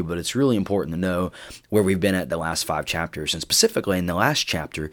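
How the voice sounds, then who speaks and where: A youth pastor giving an earnest, conversational Bible teaching for a podcast. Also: male voice, low-pitched. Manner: earnest, conversational, with fillers and restarts.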